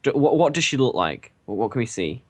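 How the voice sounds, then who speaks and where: A man's voice: medium pitch, big pitch swings, quick pace. A man playing a tabletop role-playing game, rambling and stopping to rethink. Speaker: player. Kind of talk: casual tabletop role-play chat.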